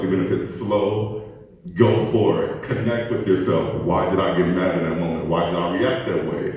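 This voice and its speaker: A man's voice: sits low, darkish tone, distant mic, slight background noise. A man on a panel at a community forum, speaking earnestly and encouragingly. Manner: earnest, motivational. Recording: echoey hall recording from afar.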